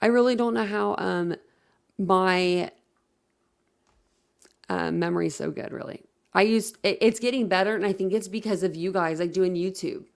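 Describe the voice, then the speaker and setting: Chatty woman with vocal fry. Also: mid-range voice, normal speed, long pauses. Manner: rambling, chatty, many fillers and self-corrections. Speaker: livestream host. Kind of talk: casual live-stream chat, reading viewer comments.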